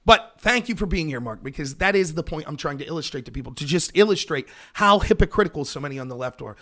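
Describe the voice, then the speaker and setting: Man, political commentary livestream host, sarcastic, animated, high voice. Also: fast talker. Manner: sarcastic, animated, mocks opponents. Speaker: host of a political talk show.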